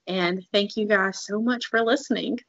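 A woman co-hosts a casual podcast, talking earnestly and working through examples with plenty of "like"s. Her voice sits at a middle pitch. The recording sounds slightly dull. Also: normal speed, dry recording. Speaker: podcast co-host.

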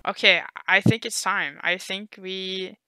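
A young woman co-hosting a gaming podcast in casual chat, animated and chatty, saying "like" often. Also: medium pitch, clear, resonant tone. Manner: animated, heavy use of "like", quick laughs. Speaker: podcast co-host.

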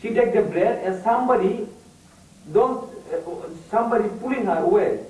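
A man giving a personal faith testimony in halting, repetitive broken English, pushing out emphatic bursts. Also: high-pitched, darkish tone. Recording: echoey room from a distant mic with faint noise.

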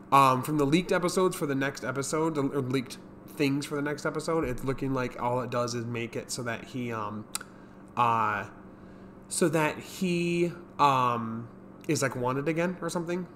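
A show reviewer, male, with a medium-pitched, slightly bright voice and a little hiss or hum in the recording. He recaps a TV episode casually, rambling with plenty of fillers and mimicking the characters' lines in quotes.

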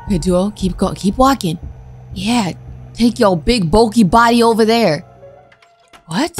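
A young woman giving casual, excitable commentary as she plays a game, full of exclamations and slang. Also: medium pitch, a little slow, pauses often, faint music behind. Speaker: gaming YouTuber. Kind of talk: casual let's-play commentary.

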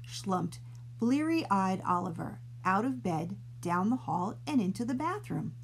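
A woman librarian reading a silly bedtime story aloud to children, playful and expressive, stretching out her words. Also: medium pitch, measured pace, a little hiss or hum.

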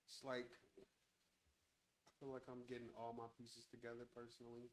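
A man's voice: mid-range voice, a little hiss or hum, rough recording. A man hosting a casual podcast chat from a home studio, talking in a laid-back way with lots of swearing into a handheld mic. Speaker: podcast host.

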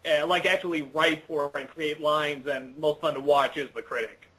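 A young man with a somewhat high, husky voice chats casually over a video call. He rambles through his answers, stacking fillers and restarts and poking fun at himself. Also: fairly even intonation, normal speed, bright, forceful tone, poor audio. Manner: rambling, self-deprecating, frequent fillers and restarts. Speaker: interview guest. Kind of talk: casual interview chat.

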